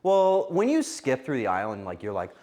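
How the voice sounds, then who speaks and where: A male streamer in casual livestream chat, cooking as he talks. His voice swings up and down in a lively, animated way, and he bounces from joke to joke while teasing his chat. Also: medium pitch, brisk. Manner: playful, joking banter with chat.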